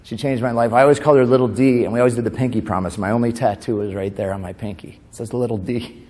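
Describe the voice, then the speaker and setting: A man's voice: medium pitch, quick pace. Man telling stories in a reverberant hall. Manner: emotive storyteller, mixing tender moments with animated comic bits. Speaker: comedian and motivational speaker. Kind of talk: keynote speech at a conference. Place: conference hall.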